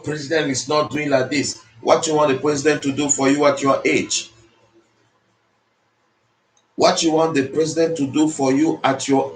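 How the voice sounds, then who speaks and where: Motivational speaker, man, mid-pitched, preachy and repetitive, in an echoey room. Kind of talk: motivational speech. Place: speaking to an audience in the Philippines. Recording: roomy echo.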